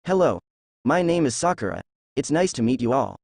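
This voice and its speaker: A man's voice: mid-range voice, brisk, gravelly, husky, dry recording, exaggerated voice. A man voicing a level-headed, blunt young female ninja in a read-aloud story. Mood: even. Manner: even, dry.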